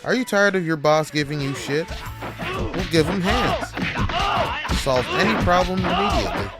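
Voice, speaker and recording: A man voicing a loud, rapid-fire TV commercial announcer. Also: over loud music, close to an everyday voice. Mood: salesy. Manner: rapid salesy pitch, loud. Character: fast-talking male TV ad announcer.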